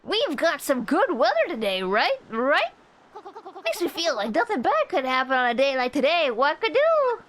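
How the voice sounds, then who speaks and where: A woman's voice: high-pitched, huge pitch swings, moderate pace, fairly bright tone, pitched above the performer's own voice, exaggerated voice. A woman voicing a cheerful little creature with a chirpy, bouncy delivery.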